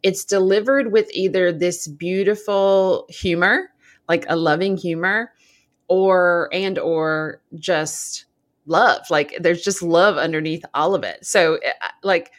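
A woman's voice: on the low side, slow. A woman from the American South hosting a podcast interview, talking casually and praising her guest effusively with many fillers. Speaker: podcast host.

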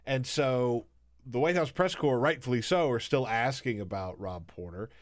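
A man's voice: mid-range voice, normal speed. A man guest-hosting a political podcast, talking casually and sarcastically and laughing often. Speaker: guest host.

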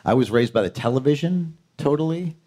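A man from Queens, an actor, chatting as a guest in a jokey, animated way and slipping into impressions. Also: mid-range voice, a little fast. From Queens, New York. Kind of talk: casual interview chat.

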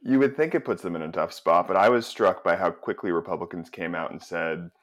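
A man's voice: deep voice, fairly quick. A man, a journalist guest on a podcast, talks politics while thinking aloud, with restarts. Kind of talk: casual political podcast discussion.

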